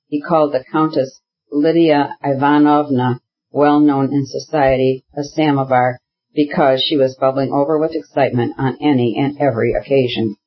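A man narrating a classic novel as an audiobook, in a measured, even reading. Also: medium pitch, muffled recording. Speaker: audiobook reader. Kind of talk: scripted narration.

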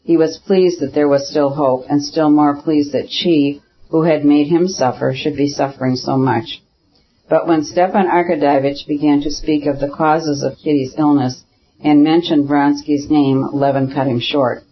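A man with a slightly raised voice reads a classic novel aloud at a measured, even pace. The recording sounds dull and lo-fi, with the top end rolled off. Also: on the high side, slightly rough. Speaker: audiobook narrator. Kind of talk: scripted narration of a classic novel.

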